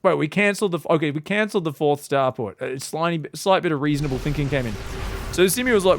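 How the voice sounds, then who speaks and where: A man's voice: a little high, fast, a little hiss or hum. A man casting a strategy game in casual, sarcastic commentary, rambling into profane jokes. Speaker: game caster.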